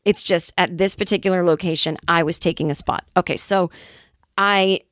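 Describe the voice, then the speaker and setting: Woman comedian, lowish voice, candid rambling monologue, dry close sound. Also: steady tone, moderate pace, fairly bright tone, no room sound. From Los Angeles area, California. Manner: candid, rambling, self-deprecating with swearing. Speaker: comedian, podcast host. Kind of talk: casual storytelling monologue.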